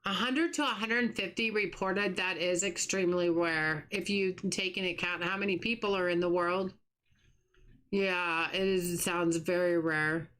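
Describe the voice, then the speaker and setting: A woman's voice: on the low side, steady tone, moderate pace. A middle-aged woman hosting a livestream, chatting casually and sympathetically with her chat while she plays. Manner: warm, sympathetic, chatty with restarts. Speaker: livestream host.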